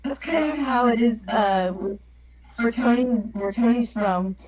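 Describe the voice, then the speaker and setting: A woman chatting on a voice call, teasing and giggly, quick to joke. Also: on the high side, a crowd in the background, low-quality recording. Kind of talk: casual voice chat. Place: online voice call.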